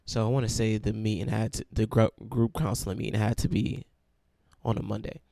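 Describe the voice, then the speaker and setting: Low gravelly man telling his story. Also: steady tone, a little fast, warm tone, no room sound, clean studio sound. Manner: earnest storytelling with emphatic repetition. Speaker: speaker sharing his testimony. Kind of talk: personal testimony talk.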